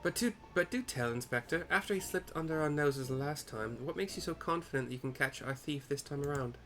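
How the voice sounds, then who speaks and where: A man's voice: on the high side, brisk, fairly bright tone, voice pushed up, lightly acted. A man doing an eager young woman reporter, raised voice. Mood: inquisitive. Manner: polite, probing. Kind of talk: game cutscene voice acting by a narrator.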